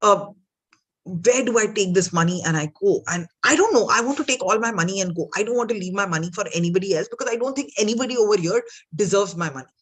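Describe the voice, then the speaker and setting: A woman's voice: medium pitch, fast talker, slightly rough, voice pushed up, lightly acted. A woman voicing a greedy rich man, insistent and impatient about his money. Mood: anxious.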